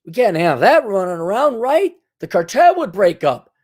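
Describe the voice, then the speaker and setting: A man's voice: high-pitched, sing-song, moderate pace, a little mellow. A man hosting a solo commentary monologue, lecturing in a sarcastic, mocking way. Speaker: commentary channel host.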